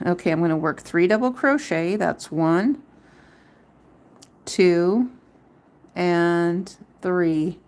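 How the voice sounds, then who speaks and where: A woman's voice: on the low side, slow pace, long pauses, a little mellow. A middle-aged woman hosting a live crochet tutorial, chatting casually and counting her stitches aloud. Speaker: crochet livestream host.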